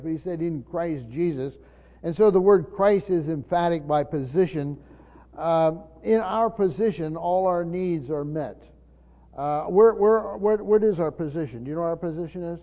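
A man preaching a sermon in an earnest teaching tone, speaking straight to his congregation. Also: sits high. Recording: dull lo-fi sound with long reverb of a large hall.

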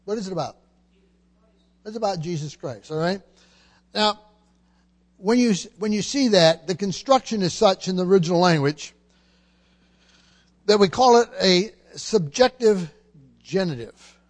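A man's voice: sits high, animated, unhurried, long pauses. A man preaching a sermon, emphatic and teaching, often repeating words and asking the congregation questions.

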